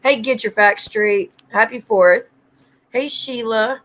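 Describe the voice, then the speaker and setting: A woman's voice: a little high, takes it slowly, a bit bright. A woman hosting a casual livestream, greeting viewers by name and ranting bluntly with lots of swearing. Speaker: livestream host.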